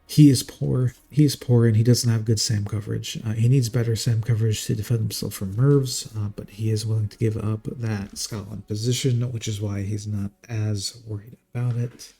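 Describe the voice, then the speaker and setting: Gravelly, husky male game caster. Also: fairly low pitch, fairly even intonation, moderate pace, hardly any pauses, mellow. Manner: casual, chatty, jokey, laughs often. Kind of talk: live game commentary.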